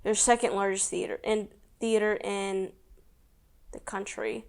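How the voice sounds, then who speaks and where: A woman's voice: mid-range voice, level tone, unhurried, creaky, clean tone. A young woman co-hosting a podcast, chatting casually with wry, laid-back remarks. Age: young adult. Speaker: podcast co-host. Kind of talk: casual chat.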